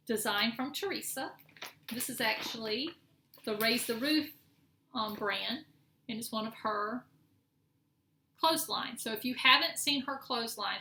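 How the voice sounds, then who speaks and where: With a sharp tone and a voice on the high side, a middle-aged woman casually shows off her cross-stitch work in a vlog. She rambles and corrects herself; the recording has echo and faint noise.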